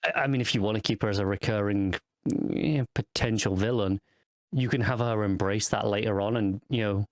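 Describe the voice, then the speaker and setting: A man's voice: fairly low pitch, brisk, no echo, studio quality. A man co-hosting a podcast who discusses a TV episode in a casual, thoughtful way, often hedging his points. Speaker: podcast co-host. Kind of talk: casual TV review chat.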